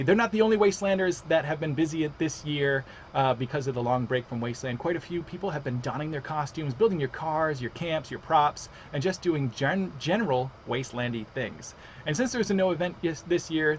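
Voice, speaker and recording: A chatty, excitable man hosts a casual livestream, his voice sitting a bit high for a man. The sound is slightly muffled, with a faint hiss underneath. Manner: chatty, excitable, reads out comments. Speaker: livestream host.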